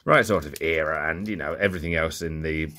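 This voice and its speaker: A young man with a bass voice chats jokily as he goes through old toy cars for his collecting vlog, rambling and muttering to himself. He talks a little fast in a sharp tone, with slight background noise.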